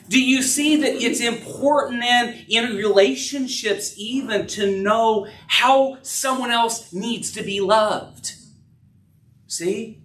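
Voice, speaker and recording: A middle-aged man preaching a sermon as pastor, earnest, rising and dropping in pitch and loudness. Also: takes it slowly, a little hiss or hum. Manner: earnest preaching, rises and drops in pitch and volume. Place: church sanctuary. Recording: echoey room, voice from a distance.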